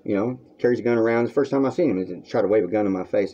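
Racing along with hardly a pause, a man with a fairly low, mellow voice launches into a heated rant on his vlog. The crude, rambling monologue is aimed at the camera from a room at home and recorded in dull lo-fi quality.

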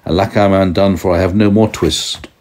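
A man's voice: low-pitched, fairly even intonation, normal speed, a little mellow, close to an everyday voice. A man voicing a worried poor old tailor, lamenting and fretful.

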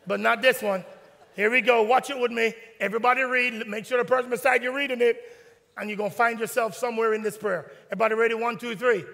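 A man's voice: very high voice, fairly even intonation, quick pace, vocal fry, pushed and bright. A man preaching a sermon as pastor, leading the congregation through a prayer line by line. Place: church sanctuary. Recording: long hall reverb with faint music behind.

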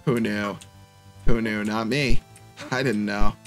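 A man's voice: fairly low pitch, fairly even intonation, slow pace, soft background music. A young man giving let's-play commentary, muttering in frustration at a hard game and saying "dude" a lot. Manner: says "dude" constantly. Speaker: gaming YouTuber.

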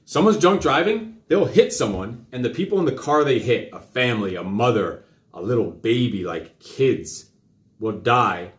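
A middle-aged man hosting a live talk show, lecturing his child in a fast, rambling way full of questions. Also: lowish voice, lively intonation. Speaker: host. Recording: roomy echo.

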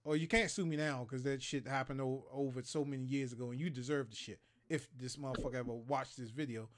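A man's voice: medium pitch, steady tone, fast. A man in his thirties from Maryland, hosting a show and telling stories in casual, profane chat, acting out quotes and sound effects.

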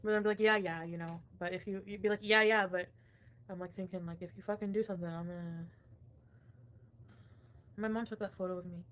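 This young woman's voice sits on the low side, steady in tone, quick, yet broken by long pauses. On her casual livestream she reads chat comments and rants with lots of swearing and laughter.

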